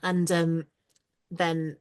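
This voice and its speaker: A woman's voice: sits low, level tone, drawn-out words, darkish tone, smooth. A young woman from the UK with a southern English received pronunciation accent, chatting casually as a guest on a video call, with lots of fillers and laughs. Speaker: voice actor guest. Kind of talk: casual interview chat.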